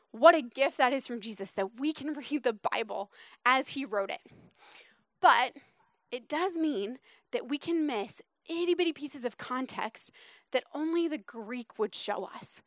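A woman preaching a sermon to a small group, animated and conversational, dropping to a hush for emphasis. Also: sits high, no echo, clean studio sound.

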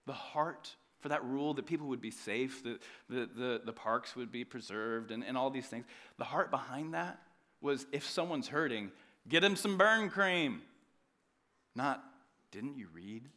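Animated joking pastor, bright voice. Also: male voice, mid-range voice, moderate pace. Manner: animated, joking, swings between loud emphasis and quiet asides. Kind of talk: sermon with storytelling.

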